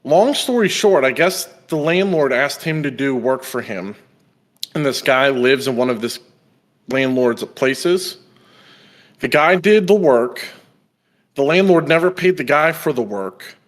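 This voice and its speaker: Speaking at a measured pace in a mid-range voice, a young adult podcast host recounts a story in casual chat. He's an animated storyteller who acts out quoted voices.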